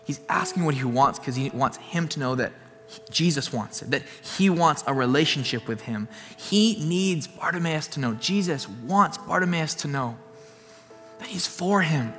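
A man's voice: on the high side, animated, normal speed, a bit bright, in a large hall, soft background music. A man preaching a sermon as a pastor, earnest and repeating his points for emphasis.

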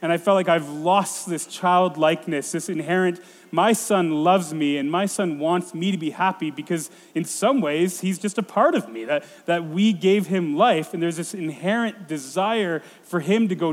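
A man in his thirties delivers a reflective sermon, often restarting his sentences as he thinks aloud. His voice sits a little high for a man, and it rings with the long reverb of a church hall. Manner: reflective, halting with frequent restarts. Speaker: pastor.

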